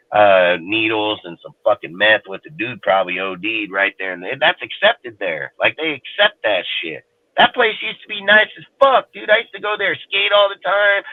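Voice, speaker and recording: A man in casual chat, ranting bluntly and swearing heavily. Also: lowish voice. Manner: profane, blunt, heated. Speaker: roundtable panelist. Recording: tinny, dry call audio.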